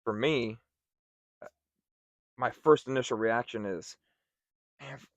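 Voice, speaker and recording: A man's voice: medium pitch, measured pace, no room sound. A young man co-hosting a podcast, reflecting earnestly in casual chat. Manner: earnest, reflective, with many fillers. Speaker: podcast co-host.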